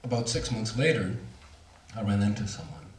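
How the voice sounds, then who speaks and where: A man's voice: lowish voice, moderate pace, slight background noise. A middle-aged man speaking to an audience, telling a personal story in a candid, self-mocking way with laughs. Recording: roomy hall, voice from far off.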